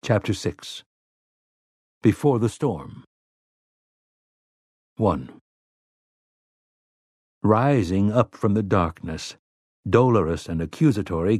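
Low guy reading an audiobook, measured, super dry close sound. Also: expressive, warm tone, dry recording. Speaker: audiobook narrator. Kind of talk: scripted narration.

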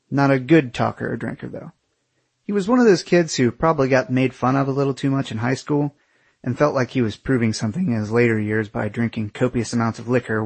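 Wry, husky storyteller. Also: male voice, medium pitch, no echo. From United States. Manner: wry, sardonic. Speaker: memoir narrator. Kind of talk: first-person story narration.

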